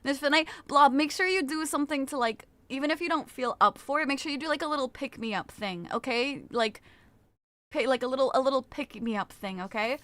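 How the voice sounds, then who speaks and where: A woman's voice: high-pitched, a little fast, fairly bright tone, no echo. A woman streaming live, chatting casually with her viewers, greeting them by name and often restarting her sentences. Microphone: desktop mic with a limiter.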